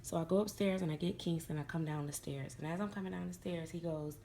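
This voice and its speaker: Gravelly-voiced woman telling a doll story. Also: on the low side, quick pace, dark tone, slight background noise. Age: middle-aged. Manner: chatty, laughs while telling a story, acts out others' voices. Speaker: doll collector vlogger. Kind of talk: casual storytelling to camera.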